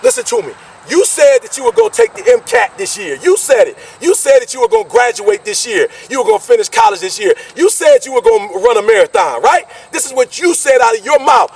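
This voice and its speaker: A man giving an energetic motivational speech, repeating his points and pushing the listener hard. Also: very high voice, brisk, vocal fry, few pauses, distant mic. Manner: energetic, preachy, repetitive call-and-response. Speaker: motivational speaker.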